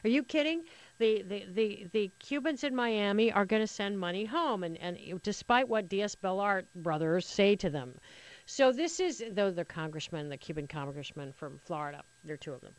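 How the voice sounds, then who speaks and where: A woman's voice: medium pitch, expressive, normal speed, no echo. A woman hosting a political talk radio show, sarcastic and opinionated, rambling with frequent restarts into a studio microphone.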